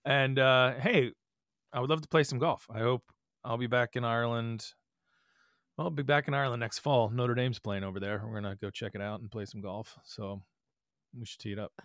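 A man hosts a podcast and asks his questions in a halting, stop-start way, encouraging the guest as he goes. His voice sits at a mid pitch, and the recording is dry and close-miked. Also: fairly even intonation, fairly bright tone, no echo. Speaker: podcast host. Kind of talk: casual podcast interview.

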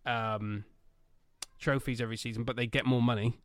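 A man co-hosting a casual football podcast, talking animatedly with loud bursts, swearing and laughing at his own jokes. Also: mid-range voice, fairly even intonation, moderate pace, no room sound. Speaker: podcast co-host.

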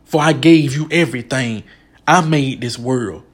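A man's voice: medium pitch, a little slow, close to an everyday voice. A man voicing God as a mighty, stern male figure, screaming out challenging questions. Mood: thundering.

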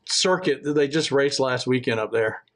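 A man's voice: medium pitch, moderate pace, crowd noise. A man co-hosting a racing podcast in casual, joking chat. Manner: joking, laughs often. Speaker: podcast co-host.

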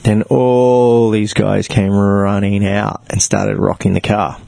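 A man's voice: fairly low pitch, little pitch movement, takes it slowly, creaky, mellow, no room sound. A young man born in Africa, an actor telling long, joking stories in a casual chat lots of fillers. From South Africa. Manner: rambling storyteller, joking, many fillers. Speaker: actor and podcast guest.

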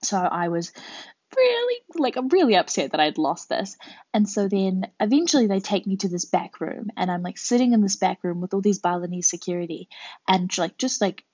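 A woman's voice: medium pitch, lively intonation, normal speed, darkish tone, no room sound. A young woman hosting a podcast, telling a travel story in a rambling, chatty way full of fillers. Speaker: podcast host. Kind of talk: casual storytelling monologue. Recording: dull lo-fi dry home recording.

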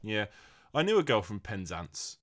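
Low-voiced bloke, dry and sweary, voice jumps around a lot. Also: male voice, very animated, moderate pace, fairly bright tone. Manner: dry, sweary, mock-apologetic. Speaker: podcast co-host and quiz contestant. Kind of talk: casual comedic podcast chat.

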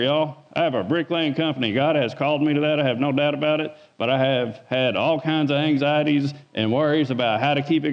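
A man giving an informal sermon as a lay preacher, folksy, repeating words and asking the room for an amen. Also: a little high. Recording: dull sound with long hall reverb.

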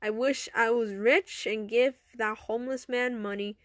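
A woman's voice: on the high side, steady tone, a little slow, no room sound, clean studio sound, close to an everyday voice. A woman voicing an emotional girl who gets exasperated and whiny when upset. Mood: worried.

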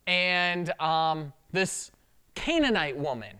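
Pastor, sermon, conversational preaching, animated pitch, acted quotes. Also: takes it slowly, clear, resonant tone.

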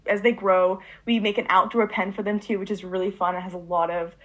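A woman's voice: mid-range voice, steady tone, a little fast. A teenage girl in an interview, telling a long story eagerly and rambling, with frequent fillers and restarts. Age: late teens. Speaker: interviewee, student puppy breeder.

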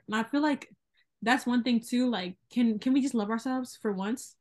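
A young woman from the American South, talking loudly and emphatically in a casual podcast chat. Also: on the high side. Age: young adult. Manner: fast-talking, loud, emphatic. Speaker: podcast co-host.

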